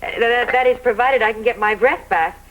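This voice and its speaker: A woman's voice: medium pitch, animated, fairly quick, fairly bright tone, highs cut off, slight background noise, natural voice. Actress playing a breathless stammering young woman. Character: anxious, loyal young woman helping a fugitive.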